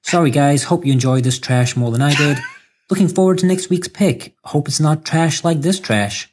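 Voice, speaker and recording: Woman doing a grumbling fake American accent, very low voice, faint hiss and clicks. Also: normal speed, a little mellow, close to an everyday voice. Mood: sarcastic. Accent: put-on American. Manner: sarcastic, repetitive grumbling. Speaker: voicemail caller.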